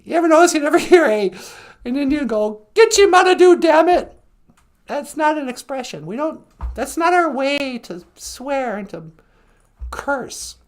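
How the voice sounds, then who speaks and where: High, lively woman telling stories. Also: moderate pace. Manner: animated storytelling with frequent laughs. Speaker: host. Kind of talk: comedic monologue.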